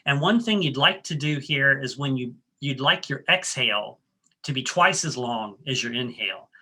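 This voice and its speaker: A man's voice: medium pitch, lively intonation, normal speed, bright, forceful tone, husky. A man presenting a workshop, guiding the audience through breathing steps in a friendly, coaching way with frequent ums and restarts. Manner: coaching, leads the audience step by step. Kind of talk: guided breathing exercise and talk.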